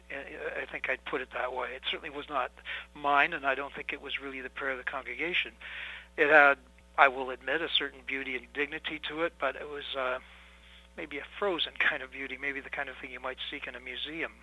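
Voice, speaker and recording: A man in his seventies, a priest, answering interview questions in a measured, thoughtful way with many pauses and fillers. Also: medium pitch, bright, forceful tone, breathy edge, poor audio. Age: 70s.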